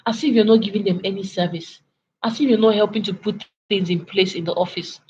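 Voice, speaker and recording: A young woman in her twenties with a Nigerian accent, telling a story casually and animatedly as a vlogger, sometimes clearing her throat. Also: mid-range voice, lively intonation, moderate pace, a little mellow. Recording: lo-fi with faint background noise.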